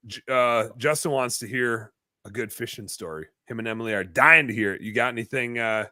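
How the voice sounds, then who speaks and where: A man hosting a podcast in casual chat, cracking deadpan teasing jokes. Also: mid-range voice, a little fast, no echo. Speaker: podcast host.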